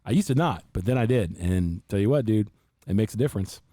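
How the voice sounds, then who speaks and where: A middle-aged man hosting a podcast, talking in quick, joking banter. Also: fairly low pitch, lively intonation, warm tone, no room sound, studio quality. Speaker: podcast host. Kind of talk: casual chat.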